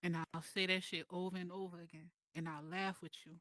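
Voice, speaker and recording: Heartfelt woman with a slightly low voice. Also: level tone, a bit bright, dry recording. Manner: heartfelt, slow and emphatic, pausing between phrases. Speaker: guest speaker. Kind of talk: emotional personal testimony in group voice chat. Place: online voice chat server.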